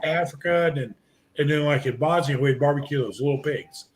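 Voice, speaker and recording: A man's voice: on the high side, fairly quick, a little hiss or hum. Rambling middle-aged man telling war-time stories. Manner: rambling anecdotes with many fillers and restarts. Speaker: podcast guest, barbecue team cook. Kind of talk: casual storytelling chat.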